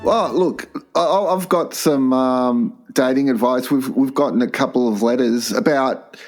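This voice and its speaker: A man's voice: medium pitch, unhurried, music in the background. An older man co-hosting a crude comedy podcast, teasing and rambling with frequent laughs. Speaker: podcast co-host. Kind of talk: casual comedy podcast banter.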